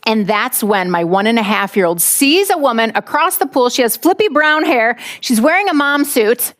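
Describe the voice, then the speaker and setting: Lively woman telling a story. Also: fairly high pitch, moderate pace. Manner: lively storyteller, acts out voices. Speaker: speaker. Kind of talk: storytelling talk.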